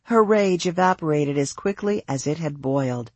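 A measured audiobook narrator carries the story at an even pace. The voice is husky and close, recorded dry. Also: medium pitch, dry recording.

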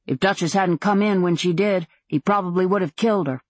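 A woman voicing a calm male town doctor who speaks quietly and coldly. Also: fairly low pitch, brisk, slightly rough, no room sound. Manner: quiet, cold.

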